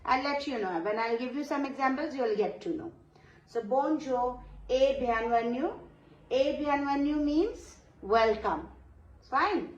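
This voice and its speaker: Slow Pakistani woman teacher, echoey room. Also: high voice, lively intonation, lo-fi sound. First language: Urdu. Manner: repeats phrases, checks in with "Okay?". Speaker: language teacher. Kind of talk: slow, patient classroom explanation.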